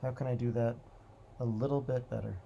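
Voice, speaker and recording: A man hosting a motivational talk, speaking in a calm, reflective way with slow, repeated phrases. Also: medium pitch, vocal fry, lo-fi sound, slight background noise. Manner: calm, repetitive, drawn-out phrasing. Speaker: host.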